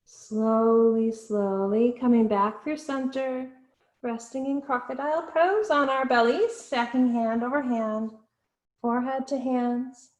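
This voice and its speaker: A woman leads a yoga class with slow, soothing instructions and gentle pauses between cues. Her voice sits a little high. The sound carries an echo, as in a bare room.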